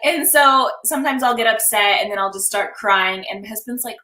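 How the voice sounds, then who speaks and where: A young adult woman, a confidence coach, chatting as a guest on a live stream, animated and laughing often as she acts out little scenes. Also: medium pitch, normal speed, echoey room. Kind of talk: casual live-stream chat.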